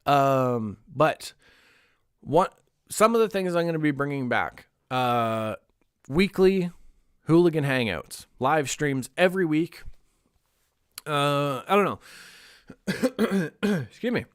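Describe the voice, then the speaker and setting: A man's voice: a little high, lively intonation, takes it slowly, pauses often, clean tone, no room sound, clean studio sound. Candid, rambling young man streaming. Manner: rambling, candid, swears casually, laughs often. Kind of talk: casual livestream chat.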